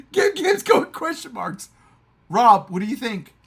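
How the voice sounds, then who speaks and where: A man's voice: extremely high pitch, vocal fry, a bit bright, slightly rough. A man hosting a casual livestream chat, boastful, repeating himself and swearing freely. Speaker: livestream host.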